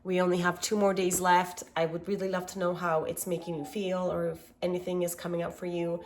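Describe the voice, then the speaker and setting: A woman hosting a self-love workshop, leading a guided meditation with gentle, affirming words in a calm manner. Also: fairly low pitch, fairly quick.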